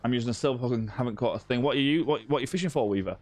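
A man's voice: medium pitch, very fast, darkish tone. A man hosting a live gaming stream, chatting casually with viewers and greeting them by name. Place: indoor room with ring light.

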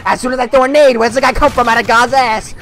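A young man giving casual, sarcastic commentary over his own gameplay, swearing freely and breaking into animated outbursts. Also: very high voice, quick pace. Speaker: gaming commentator.

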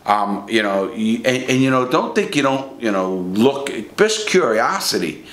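A man's voice: mid-range voice, big pitch swings, unhurried, fairly bright tone. Blunt, profane man telling prison stories. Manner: blunt, profane, rambling with restarts. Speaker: ex-prisoner storyteller. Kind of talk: casual first-person storytelling. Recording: echoey room.

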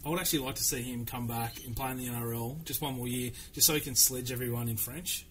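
A man's voice: medium pitch, steady tone, quick pace, a crowd in the background, rough recording. A man hosting a sports podcast, asking chatty, rambling questions in a matey tone. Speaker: podcast host. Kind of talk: casual podcast interview.

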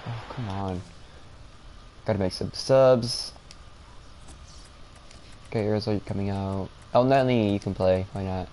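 A man's voice: fairly low pitch, measured pace, pauses often, mellow, a little hiss or hum. A man streaming a football video game, commenting live, exclaiming at every play and mocking his own mistakes.

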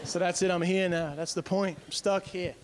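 Man, stand-up comedian, high-pitched, animated, shouty bits, live show with audience noise. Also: normal speed. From United States. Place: large live venue with audience.

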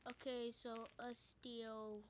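A woman's voice: on the high side, level tone, slow. A young woman vlogger reading funny kids' notes aloud, giggly and incredulous, dropping into whispered asides.

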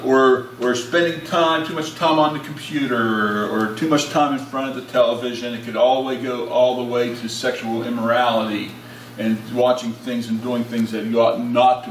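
A male pastor preaching a sermon and leading prayer in a folksy, conversational way with many restarts. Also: mid-range voice. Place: church sanctuary. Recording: echoey church, distant, faint hiss.

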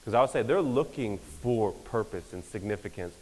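A man's voice: fairly low pitch, normal speed. Young guy preaching, jokey and upbeat, big hall echo around him. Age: young adult. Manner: energetic, joking, mimics pastors. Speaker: speaker. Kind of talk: conference talk. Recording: hall reverb.

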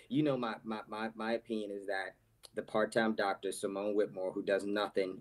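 A man's voice: on the low side, fairly even intonation, moderate pace. Frank rambling male caller. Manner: frank, rambling, some restarts. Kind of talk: casual call-in opinion.

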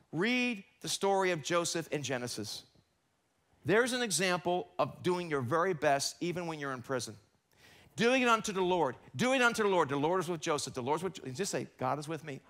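A middle-aged male pastor preaching a sermon in a church, animated and acting out quoted coworkers in short voices. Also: sits high.

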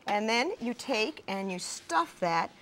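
A woman explaining a quick recipe on a cooking show with enthusiasm. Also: on the high side, animated, a bit bright. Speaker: guest cook.

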